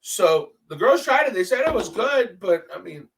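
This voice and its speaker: Recorded far from the microphone, this high-pitched podcast host speaks at a moderate pace. He narrates his stories solo in a lively, foul-mouthed, casual manner, performing the dialogue of people he encountered.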